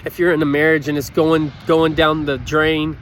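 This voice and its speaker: With a fairly high, level and fairly bright voice, this man speaks at a moderate pace over a faint hiss or hum. He's a motivational speaker whose earnest, pleading talk is full of repetition and choked-up emotion.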